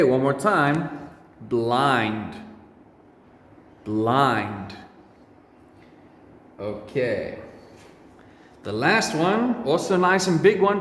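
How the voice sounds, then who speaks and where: Man teacher, unhurried, stretches each word for kids; roomy echo. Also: a little high, a bit bright. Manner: drawn-out, exaggerated word drills. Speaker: English teacher. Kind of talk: slow repeat-after-me pronunciation lesson for children. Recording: echoey room with long reverb.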